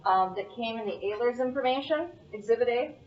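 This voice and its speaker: A woman's voice: on the high side, lively intonation, a little fast. A woman presenting at a school board meeting, explaining a document on screen step by step. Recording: distant, dull meeting-room recording.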